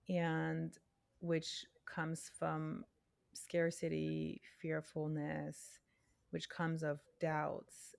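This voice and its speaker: Slow, gravelly-voiced woman podcast host. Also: low voice, darkish tone. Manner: slow and thoughtful, with pauses. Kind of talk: casual conversation.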